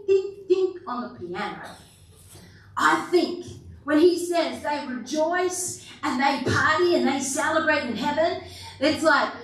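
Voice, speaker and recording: A high-voiced woman pastor preaching to her church in an easy, chatty manner and quizzing the room as she goes. Her voice bounces around a large, very echoey hall and is picked up from a distance. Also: a bit bright. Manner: conversational and playful, asking the room questions. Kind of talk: sermon.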